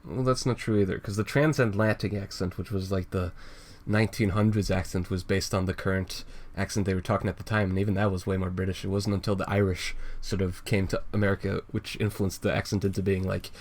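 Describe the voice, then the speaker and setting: Low-voiced laughing male podcast co-host. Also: flat delivery, brisk, few pauses. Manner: laughs often, drops into mock-posh voices. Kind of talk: casual comic chat.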